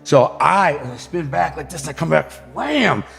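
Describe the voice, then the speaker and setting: A man's voice: on the high side, moderate pace, creaky, a bit bright. Man, podcast guest, vivid slangy storytelling, sound effects, reverberant hall, faint background music. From Detroit, United States. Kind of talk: casual storytelling.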